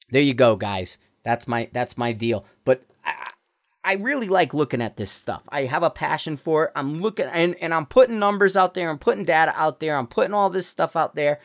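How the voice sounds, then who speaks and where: A man's voice: fairly high pitch, lively intonation, moderate pace, fairly bright tone. A man hosting his own podcast, talking bluntly in a heated, profane rant full of restarts, recorded while walking around a neighborhood. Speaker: podcast host. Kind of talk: casual ranting monologue.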